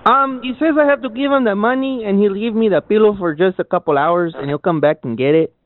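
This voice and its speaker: A man's voice: sits high, fairly quick, no room sound. A man making crude prank phone calls, mocking and pleading in a put-on tone. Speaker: prank caller. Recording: tinny phone-line audio.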